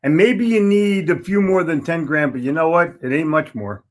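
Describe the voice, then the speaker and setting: A man's voice: on the high side, normal speed. Emphatic older man in his seventies. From Philadelphia, United States. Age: 70s. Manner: emphatic, folksy and blunt, leaning on repeated words. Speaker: sales trainer. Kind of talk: motivational talk to camera.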